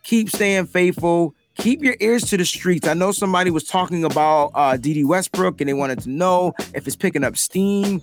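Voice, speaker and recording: A man's voice: high-pitched, moderate pace, few pauses, slight background noise. A man co-hosting a casual sports fan podcast, talking in loose slang and laughing often. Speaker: podcast co-host.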